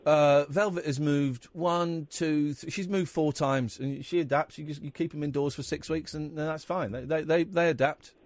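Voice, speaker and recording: A man hosting a radio phone-in, self-deprecating and rambling, with quick jokey asides. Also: on the high side, steady tone, no echo. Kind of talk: late-night phone-in chat. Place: radio studio.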